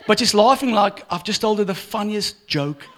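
A middle-aged pastor preaches a sermon in church at a moderate pace, his voice sitting high. He tells stories with humor and a lively delivery.

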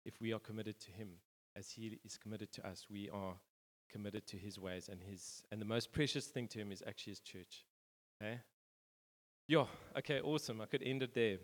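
A man's voice: fairly low pitch, a little fast. A man preaching a casual, rambling sermon, full of fillers and restarts. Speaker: pastor. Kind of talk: conversational sermon. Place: church hall. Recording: reverberant church hall.

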